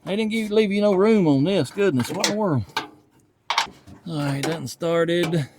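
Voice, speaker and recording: Working on an old truck in his garage, a Tennessee channel host and mechanic chats to the camera in a Southern US accent, thinking aloud along the way. His voice sits high with lively intonation at normal speed, and the background is noisy.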